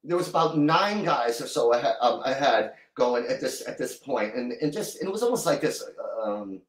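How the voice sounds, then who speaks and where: A middle-aged man telling a long story as a guest in an interview, rambling and halting, with many restarts. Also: medium pitch, lively intonation, echoey room, recorded from a distance, low-quality recording. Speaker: guest musician.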